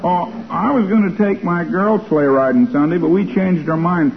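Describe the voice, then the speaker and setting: An actor playing a bashful young store clerk who stammers and hesitates, in a 1940s radio comedy. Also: male voice, high-pitched, normal speed. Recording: tinny old radio broadcast before a studio audience.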